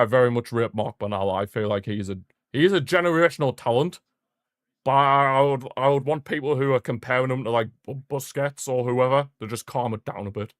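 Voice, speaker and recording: A man's voice: medium pitch, no echo. Dry-miked man doing fan commentary. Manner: partisan, blunt, mocking the rival team. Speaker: football watchalong streamer. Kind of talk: casual live fan commentary.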